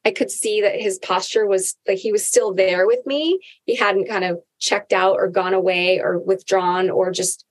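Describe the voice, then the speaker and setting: A woman's voice: medium pitch, steady tone, normal speed, hardly any pauses. A woman hosting a podcast, speaking candidly and earnestly about personal experience in a casual conversation.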